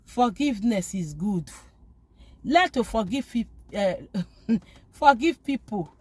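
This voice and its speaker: A woman with a fairly high voice urges her listeners to forgive, pleading and stressing each point, often repeating herself. She sounds close and dry, with no room around her. The talk is loose and personal. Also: expressive, slow, a little mellow, husky, no room sound. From lives abroad, from back home elsewhere. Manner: pleading and emphatic, repeats phrases. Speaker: faith vlogger. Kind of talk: informal spoken exhortation on forgiveness.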